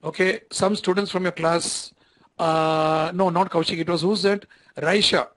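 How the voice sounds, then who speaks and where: A lecturer with an Indian English accent speaks to his online class in a rather high voice. He talks conversationally, repeating phrases and often stopping to ask if the students are following. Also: fairly even intonation, normal speed, a bit bright, rough recording.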